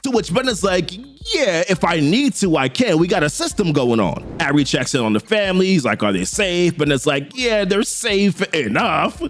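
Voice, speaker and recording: A man recaps a comic story in a loose, slangy way, his fairly high voice swinging up and down with energy. He acts out the characters' lines as he goes. Faint music plays underneath him. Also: big pitch swings, brisk, hardly any pauses. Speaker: comic book recap host.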